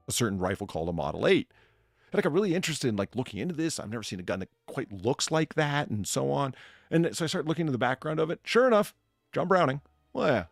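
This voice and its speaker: A man's voice: on the low side, vocal fry, dry recording, clean studio sound. A man hosting a casual chat, rambling with many fillers and restarts. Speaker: podcast host.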